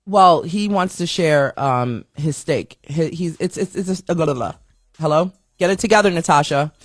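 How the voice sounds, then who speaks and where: A woman's voice: sits low, measured pace, no echo, clean studio sound, faint music behind. A woman hosting a podcast, casually running through celebrity news headlines in a chatty, slangy, self-mocking way, sometimes tripping over her words. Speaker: podcast host.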